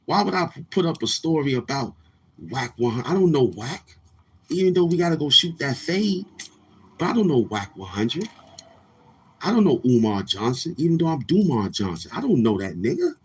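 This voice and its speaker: Brash, husky man ranting as host. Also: fairly high pitch, sing-song, moderate pace. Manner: brash, trash-talking, repeats words. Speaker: YouTube show host. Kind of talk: boastful morning-show rant.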